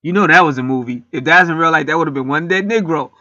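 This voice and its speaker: A man's voice: on the high side, fast talker, bright, forceful tone, no room sound, highs cut off. A man on a spiritual channel retelling a film in a casual, rambling, emphatic way, swearing freely and preaching. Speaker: spiritual vlogger.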